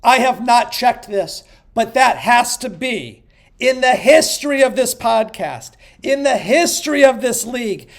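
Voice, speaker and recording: Gravelly, high-voiced podcast host man. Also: animated, unhurried. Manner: swings between hyped shouting and muttered asides. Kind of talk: hyped power-rankings countdown.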